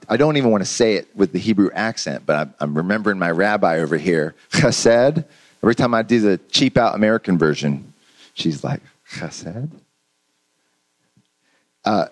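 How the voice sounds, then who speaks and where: This is a man delivering a church sermon with an ordinary mid-range pitch. He speaks earnestly and conversationally, restarting phrases and checking in with rhetorical questions as he teaches. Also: rough recording. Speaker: pastor.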